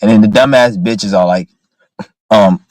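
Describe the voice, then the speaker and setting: A male vlogger rants angrily into his phone camera about a store clerk, swearing nonstop and repeating himself. His voice is on the low side and a little mellow, at a moderate pace, and the audio is poor, though without echo.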